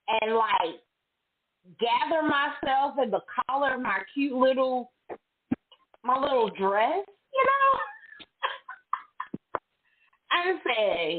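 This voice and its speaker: Her voice is a little high with a breathy edge, heard through tinny phone-like audio. She's a middle-aged host in a casual chat, candid and chatty, animatedly playing out her own stories and quotes.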